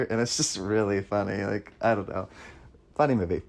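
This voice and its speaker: A man's voice: on the low side, steady tone, moderate pace, a little mellow. A young man co-hosting a casual movie chat, rambling along with hesitant restarts. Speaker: podcast co-host.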